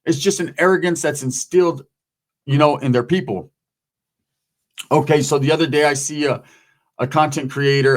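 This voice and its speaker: Middle-aged male commentator, street slang, slightly high voice, loose monologue. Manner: street slang, repeats "man" and "right?". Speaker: YouTube commentator.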